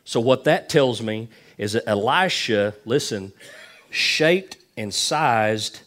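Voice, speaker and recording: A man's voice: medium pitch, lively intonation, takes it slowly, fairly bright tone. A middle-aged man preaching a sermon, telling folksy stories with lots of repetition. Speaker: pastor.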